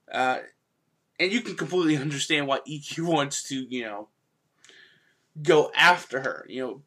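A man's voice: fairly high pitch, pushed and bright. A man giving a casual, rambling spoken review of a dub's voice cast, with frequent fillers and restarts. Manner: rambling, with fillers and self-corrections. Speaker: anime reviewer.

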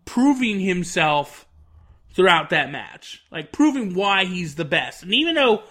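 Man, high voice, sharp bright tone, enthusiastic, rambling casual review. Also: big pitch swings, measured pace. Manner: enthusiastic, rambling, many fillers. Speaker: wrestling reviewer.

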